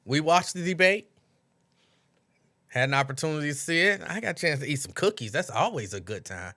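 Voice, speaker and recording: A man with a fairly high voice and a brisk pace hosts a casual late-night livestream. Animated and chatty, he repeats lines, breaks into laughs, and mimics people.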